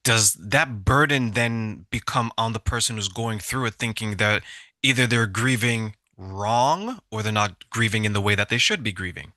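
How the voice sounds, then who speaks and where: Male host, reflective questioner, bright sharp voice, dry sound. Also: lowish voice, lively intonation, moderate pace, dry recording. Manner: reflective, asking questions by voicing a listener's doubts. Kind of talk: casual conversation.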